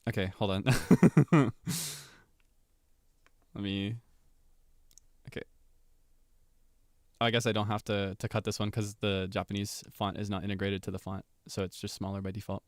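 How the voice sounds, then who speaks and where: A man's voice: lowish voice, unhurried, pauses often, no echo. Male streamer, casual chat, laughs a lot, rambles, dry close sound. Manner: animated, giggly, rambling asides.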